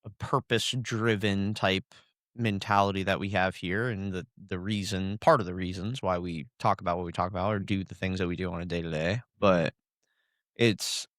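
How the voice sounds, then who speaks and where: Host role: laid-back man, lowish voice, chatty and teasing, dry studio sound. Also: fairly even intonation, normal speed, fairly bright tone, dry recording. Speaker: podcast host. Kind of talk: casual chat.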